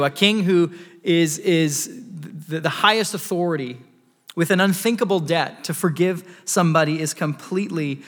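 A man's voice: high voice, fairly bright tone, in a large hall. A pastor preaching a sermon, earnest, stumbling over words and restarting as he explains scripture.

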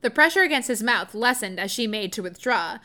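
A woman reading romantic fiction aloud in a soft, expressive storytelling voice, often laughing and breaking in with excited comments. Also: fairly high pitch, fairly quick. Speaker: reader.

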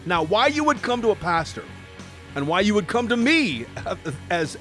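A middle-aged man, a pastor, preaching a podcast sermon in an energetic, emphatic way with sudden rises. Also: a little high.

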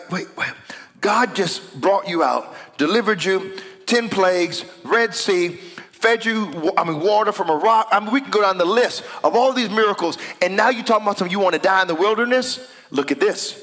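A man preaches from the pulpit, reading scripture and then rising into shouted declarations. His voice sits high and rings bright. A long church reverb trails each line. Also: expressive, moderate pace. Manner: builds to shouted declarations, reads scripture aloud. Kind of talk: sermon. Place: church sanctuary.

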